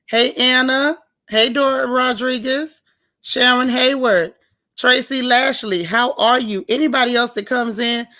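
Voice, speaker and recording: A woman's voice: fairly high pitch, fairly bright tone. A woman hosting a casual livestream, greeting viewers by name and chatting in a folksy, talkative way. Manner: chatty, folksy, drawls "y'all" and "child". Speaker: host of a reality TV recap livestream.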